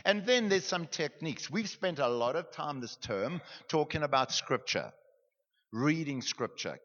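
A man's voice: mid-range voice, a bit bright. A young man, a pastor leading a class through a guided meditation lesson in a joking, conversational way. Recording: dull, reverberant hall.

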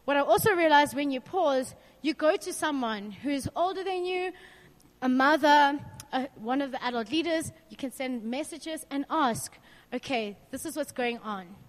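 Young woman youth leader, high voice, talking to the kids earnestly, lots of questions, big hall echo. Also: moderate pace. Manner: earnest and personal, then lively and questioning. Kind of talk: talk to a youth group. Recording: long hall reverb.

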